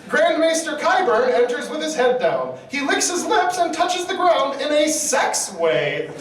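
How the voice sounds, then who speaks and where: Giggly high-voiced male host, very echoey. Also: unhurried, noisy background. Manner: giggly, animated, playful. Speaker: convention panel host. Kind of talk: live comedic reading. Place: convention panel room with audience. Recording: distant mic, echoey convention hall, audience.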